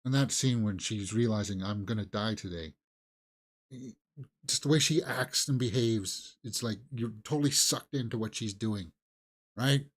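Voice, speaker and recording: A man co-hosting a movie talk show, chatting casually and thinking aloud with halting restarts. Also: mid-range voice, slightly rough. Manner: musing, halting, with fillers and restarts. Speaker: movie news co-host. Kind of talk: casual chat.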